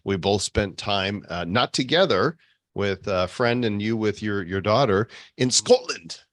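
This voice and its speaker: A middle-aged man co-hosting a podcast, chatting casually and telling a relaxed travel story with fillers. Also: fairly low pitch, unhurried, no room sound, studio quality. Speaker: podcast co-host.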